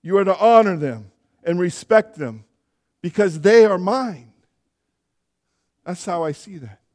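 A man's voice: high-pitched, lively intonation, measured pace, a little mellow. A younger man preaching a sermon as pastor in a church, earnest and building to emphatic exhortation.

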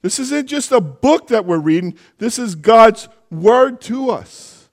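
Speaking slowly, a high-voiced man gives a church sermon with lively intonation. He talks conversationally, wandering into asides and correcting himself as he goes.

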